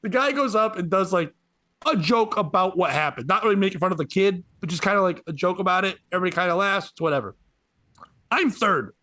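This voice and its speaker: High-voiced excitable man in his forties. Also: quick pace, no room sound, studio quality. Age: 40s. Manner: excited, laughs through his own story. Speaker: comedian guest. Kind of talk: casual podcast storytelling.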